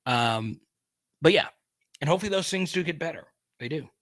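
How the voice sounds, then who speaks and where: A man's voice: on the high side, animated, fairly quick, a bit bright, no echo. A man hosting a casual live stream, chatting and reading viewer comments aloud.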